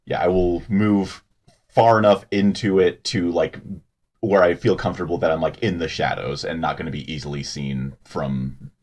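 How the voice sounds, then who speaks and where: A man playing a tabletop game, talking in a quick, casual way. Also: deep voice, fairly even intonation, a little mellow. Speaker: player.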